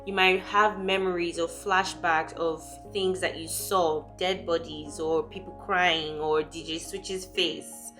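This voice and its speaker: A young woman from Nigeria, talking candidly and emotionally in a personal vlog, quick and full of fillers. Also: on the low side, fairly even intonation, bright, forceful tone, soft background music. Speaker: vlogger.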